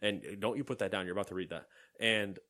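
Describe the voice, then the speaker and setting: A deep-voiced man co-hosting a casual podcast, telling stories animatedly, acting out quotes and laughing often. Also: quick pace, pushed and bright. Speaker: podcast co-host.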